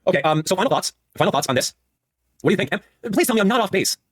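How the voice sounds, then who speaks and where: A man in his thirties talking fast on a live stream, his voice pitched a bit high and swinging widely up and down. He hammers his points by repeating them over and over. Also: husky. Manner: animated, repeats phrases for emphasis. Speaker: streamer reacting with chat.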